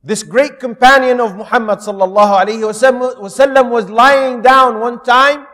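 A man teaching a Quran lesson, telling stories in a measured way and speaking directly to his listeners. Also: very high voice, steady tone, pushed and bright, big-room sound. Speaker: Islamic teacher.

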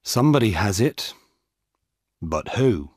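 A man voicing Dan, a calm, firm male police officer, in a plain matter-of-fact way. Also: fairly low pitch, slow pace, heavy background noise.

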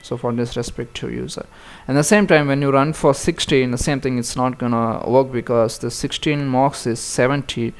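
A man's voice: mid-range voice, steady tone, moderate pace, hardly any pauses. A man giving a casual screen-recorded coding tutorial, talking through each step with frequent fillers and restarts. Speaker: programming tutor.

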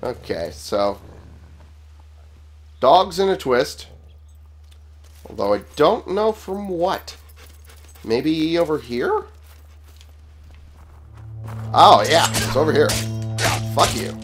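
A man's voice: fairly high pitch, very animated, very slow, pauses often, slightly rough. A man giving casual, profane commentary while playing a video game, sarcastic and exclaiming at enemies as he fights. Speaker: gaming channel host. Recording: game music behind voice.

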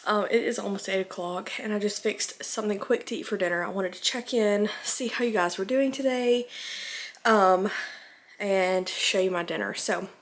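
A young woman from Alabama rambles in a casual home vlog, her medium-pitched voice moving at normal speed and sounding a little out of breath. She is chatty and leans heavily on filler words.

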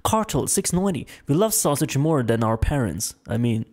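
A male streamer chatting casually as he reads donations aloud, joking and swearing freely. His voice has a medium pitch and sounds worn from an hour of talking. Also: big pitch swings, moderate pace, darkish tone. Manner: loose, joking, profane banter. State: strained, tiring voice. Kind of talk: casual live-stream chat.

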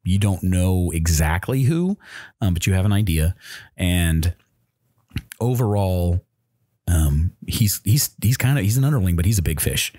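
Low-voiced man narrating as game master. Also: animated, unhurried, dark tone, no echo, studio quality. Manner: descriptive, hesitant with many fillers. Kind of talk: narrating a tabletop role-playing game.

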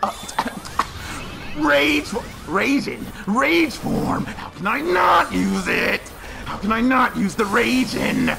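A man giving excited gameplay commentary, slangy and trash-talking, with loud outbursts. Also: extremely high pitch, takes it slowly, gravelly, heavy background noise. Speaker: gaming YouTuber. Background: game music.

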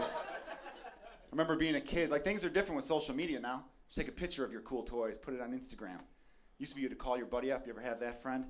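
A man from Chicago performs stand-up on a club stage, his voice sitting a little high as he talks brash and profane. He keeps turning to the audience. Their laughter rolls through the live club recording. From Chicago area. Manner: brash, profane, crowd-addressing. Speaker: stand-up comedian. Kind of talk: stand-up comedy set.

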